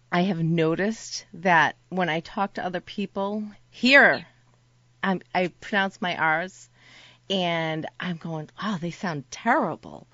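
A woman's voice: on the low side, sharp tone, no echo, highs cut off. A woman from Boston with a Boston accent, co-hosting a radio show, in casual banter and laughing often. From Boston area. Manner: laughs often, self-deprecating.

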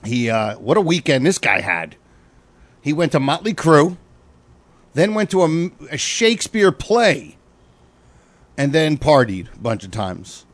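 A man, a comedian hosting a podcast, telling stories in a profane, animated way. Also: fairly high pitch, a little slow, long pauses, no echo. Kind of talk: casual chat.

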